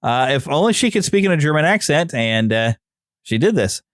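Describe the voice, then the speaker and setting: A man's voice: on the high side, very animated, normal speed, dry recording, clean studio sound. A man hosting a podcast, talking casually and reading from notes, with frequent "uh" fillers. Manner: chatty, reads notes aloud with many fillers. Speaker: podcast host. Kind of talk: casual solo podcast talk.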